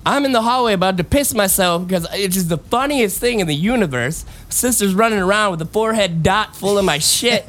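A young man hosting a podcast, telling a story in casual chat, animated and laughing, acting out the voices of people he quotes. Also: high-pitched, a little fast, hardly any pauses. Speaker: podcast host. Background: fan noise.

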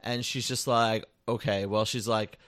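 A young man co-hosting a casual podcast chat, telling stories with animated delivery and bursts of disbelief. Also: on the low side, measured pace, smooth, no room sound, studio quality. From New York area. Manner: animated storytelling, breaks into shouts of disbelief. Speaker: podcast co-host.

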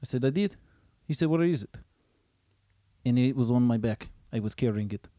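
Man doing gruff Russian tough guy Ivan. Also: mid-range voice, moderate pace, no echo, natural voice. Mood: boastful. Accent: put-on Russian. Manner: deadpan, stubborn, clipped broken English. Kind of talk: improvised comedy sketch.

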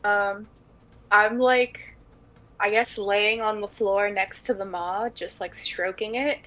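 A woman's voice: medium pitch, steady tone, slow pace, a bit bright, rough recording. A woman playing in a tabletop game, talking hesitantly with frequent fillers. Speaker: player.

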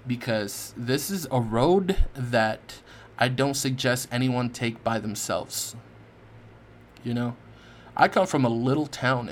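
Earnest man swearing through a podcast monologue. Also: mid-range voice. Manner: earnest, repetitive restarts, heavy swearing. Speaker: podcast host. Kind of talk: heartfelt personal monologue.

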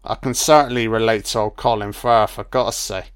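A man's voice: lowish voice, steady tone, a little fast, dry recording, clean studio sound. A man giving a casual, profane running commentary on a film, joking and rambling with "you know?" asides. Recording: audio-only commentary.

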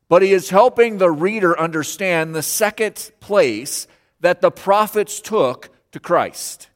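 A man preaching a sermon as pastor, earnest and emphatic, repeating key phrases for weight. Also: a little high. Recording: long hall reverb.

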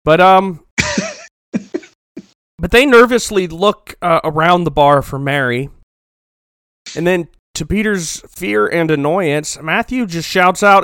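A man's voice: sits high, wildly swooping pitch, slow pace, pauses often, a bit bright, clear, resonant tone, dry recording. Jokey man with a dry, close sound. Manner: jokey, acts out characters in silly voices, laughs often. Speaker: podcast co-host. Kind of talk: comedic recap chat.

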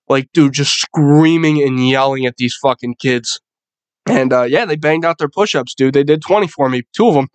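A young man hosting his podcast, spinning a rambling story full of swearing and easy laughter. His voice sits a little high for a man, and it sounds dry and close, with no room echo. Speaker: podcast host. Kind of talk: casual storytelling monologue.

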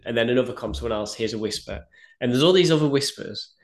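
A man's voice: mid-range voice, fast talker. A man coaching powerlifting, chatting casually on a podcast and telling stories with animation. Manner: animated storytelling, swears casually.

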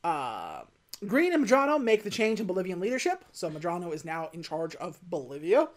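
A woman's voice: fairly low pitch, brisk. A woman casually recapping a movie on a podcast, quoting the characters and laughing as she talks. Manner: animated retelling, quotes characters, laughs while talking. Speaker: podcast co-host recapping a film. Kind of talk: casual chat.

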